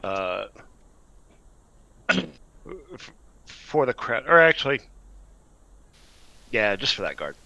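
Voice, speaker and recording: Player man, bright clear voice, dry close sound, brisk and insistent. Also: mid-range voice, very animated, no echo, lo-fi sound. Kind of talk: in-character play in a tabletop game.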